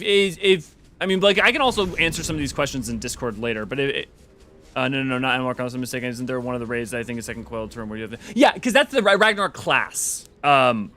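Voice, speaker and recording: Animated, rambling man streaming a game. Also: mid-range voice. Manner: animated, rambling, casually profane. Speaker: game streamer and lore host. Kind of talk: casual live game stream chat.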